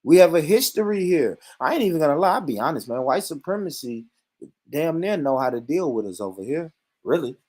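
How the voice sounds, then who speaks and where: A man's voice: on the high side, very animated, fairly quick, a little mellow. A man with an African American English accent hosting a casual discussion, talking bluntly and emphatically with heavy profanity. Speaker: host. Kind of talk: casual talk-show discussion.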